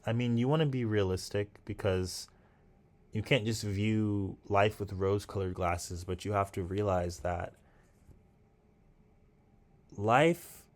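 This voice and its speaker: A man's voice: lowish voice, fairly even intonation, slow pace, pauses often. A man talking casually and thoughtfully to his viewers while he paints, musing and encouraging himself. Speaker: artist and vlogger.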